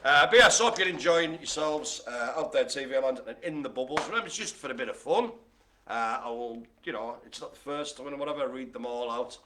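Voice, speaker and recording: A man's voice: medium pitch, lively intonation, brisk, pushed and bright, slight background noise. A man hosting a live-streamed bingo game, joking and playing the showman as he calls out each item. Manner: jokey, playful, showman-like. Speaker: bingo caller and host.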